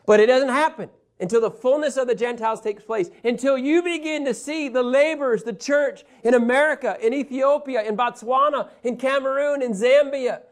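A man teaching a Bible lesson in a sermon style, animated, telling stories and moving between loud emphasis and quiet asides. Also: very high voice, normal speed, few pauses.

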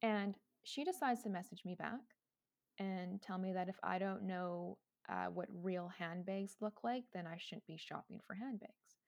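A woman's voice: on the low side, measured pace, vocal fry, darkish tone. A young woman co-hosting a podcast, telling stories in casual, emphatic chat. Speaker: podcast co-host.

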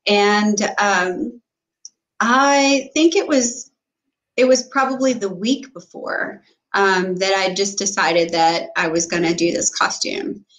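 A woman's voice: medium pitch, fairly even intonation, slow, fairly bright tone, rough recording. A woman co-hosting a casual talk show, telling stories with lots of fillers and restarts. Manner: storytelling with many fillers and restarts. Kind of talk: casual chat.

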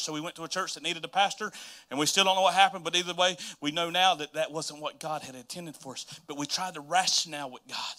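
Man, pastor, lilt, bright higher-pitched voice, chatty sermon delivery with quick restarts. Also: fairly even intonation. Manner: conversational preaching, quick repetitions and restarts.

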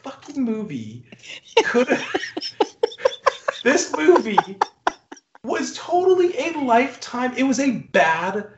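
A man's voice: extremely high pitch, wildly swooping pitch, slow, pauses often, heavy background noise. Ranting man in an echoey lo-fi recording. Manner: ranting, profane, laughing often. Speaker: podcast co-host. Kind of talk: casual movie review chat. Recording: echoey, dull lo-fi room sound.

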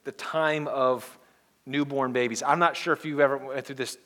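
A male pastor preaching a sermon in an earnest way, moving between hushed and emphatic delivery and leading the congregation in call-and-response. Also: mid-range voice, fairly even intonation, normal speed.

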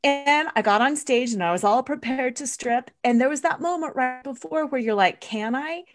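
A woman's voice: high voice, normal speed, soft background music. A woman in her fifties, a guest in an interview, telling stories and acting out her own thoughts. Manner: animated storyteller, acts out her own thoughts. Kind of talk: casual interview chat.

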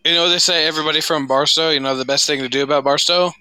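A man's voice: on the high side, fairly even intonation, rapid-fire, sharp tone, clean tone. A man in his twenties from California with a Southern accent, calling into a radio show and joking around. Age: 20s. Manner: joking, swears casually. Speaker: caller.

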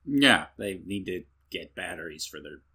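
A man co-hosting a movie podcast, chiming in with wry, self-deprecating asides in a husky voice. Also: sits low, lively intonation, moderate pace, pushed and bright. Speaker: podcast co-host. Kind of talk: casual movie chat.

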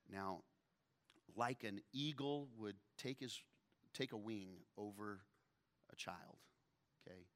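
Preacher guy, jokey and chatty, bright punchy voice, keeps laughing. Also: fairly low pitch, slow pace, pauses often, big-room sound. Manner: joking, conversational, laughs often. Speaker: pastor. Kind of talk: sermon.

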